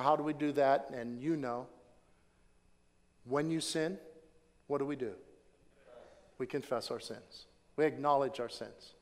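A male pastor preaches in an unhurried, deliberate way and keeps his voice fairly high. He leans on repeated phrases and call-and-response questions. The long reverb of a big church sanctuary trails after every line. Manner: repeats key phrases for stress. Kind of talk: sermon. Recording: long reverb from a large hall.

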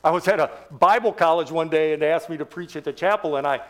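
Speaking fast in a voice on the high side, a man in his sixties delivers an evangelistic sermon as a guest preacher. He jokes with the church crowd and tests them with rhetorical questions.

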